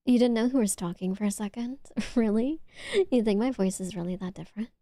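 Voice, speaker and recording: A young woman with a Valley Girl accent chatting on her stream, talking loosely with lots of "like"s and sometimes dropping to a soft whisper. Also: a little fast, no room sound, clean studio sound. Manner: chatty, filler-heavy with many "like"s, dips into low whispers. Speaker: VTuber streamer. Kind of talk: casual chat stream.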